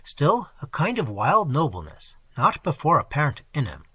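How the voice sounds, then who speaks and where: Husky, expressive male audiobook narrator. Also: fairly high pitch, moderate pace, no echo. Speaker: audiobook reader. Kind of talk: scripted narration of a classic novel.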